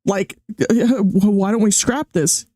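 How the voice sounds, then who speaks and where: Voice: medium pitch, slow, dark tone, slight background noise. Jokey streamer reacting to a video. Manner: jokey, rambling, laughs often.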